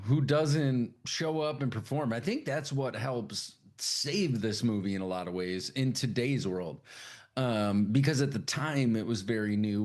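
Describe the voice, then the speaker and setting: A man co-hosting a podcast, chatting casually and profanely, rambling and laughing often. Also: medium pitch. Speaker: podcast co-host. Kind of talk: casual chat.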